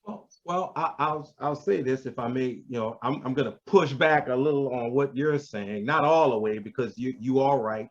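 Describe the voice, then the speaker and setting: A man's voice: medium pitch, normal speed, hardly any pauses. Emphatic man, dull lo-fi recording. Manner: emphatic, pushing back, repeats words. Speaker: panel speaker. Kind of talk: religious discussion. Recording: dull lo-fi sound.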